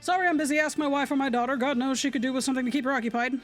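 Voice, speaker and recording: A woman's voice: sits high, fairly even intonation, rapid-fire, faint music behind, close to an everyday voice. A woman voicing a grumpy, condescending male scholar in a video game, speaking curtly and dismissively. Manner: curt and dismissive.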